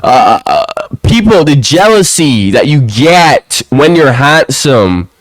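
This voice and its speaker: A young man ranting to camera in a casual monologue at home, often tacking a low "bro" onto his lines. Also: very animated, slow pace, no echo, low-quality recording. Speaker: vlogger. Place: quiet home, alone.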